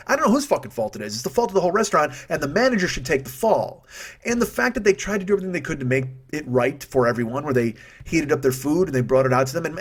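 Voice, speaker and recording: Fast-talking, profane man in his fifties. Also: a little high, slightly rough. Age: 50s. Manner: profane, rambling, self-interrupting with restarts, swings into loud rants. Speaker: podcast host. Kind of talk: comedic storytelling monologue.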